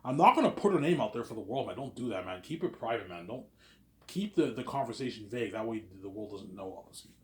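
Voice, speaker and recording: A man's voice: fairly low pitch, animated, fast. A man, around thirty, rambling in a casual, self-assured monologue and tacking "obviously" and "man" onto his sentences. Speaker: vlogger. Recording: roomy echo.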